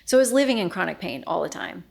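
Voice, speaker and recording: A middle-aged woman with a low-set voice and a gravelly edge, speaking as a guest in an interview. She tells a personal story candidly and earnestly. She slips into quoted dialogue as she goes. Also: very animated, fast, darkish tone. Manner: earnest, frank, quoting herself and others in dialogue.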